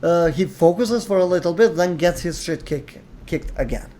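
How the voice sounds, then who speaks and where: A man's voice: high-pitched, normal speed, dark tone. Opinionated man arguing his case. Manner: opinionated, explains at length, quotes characters. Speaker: host. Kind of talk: casual discussion.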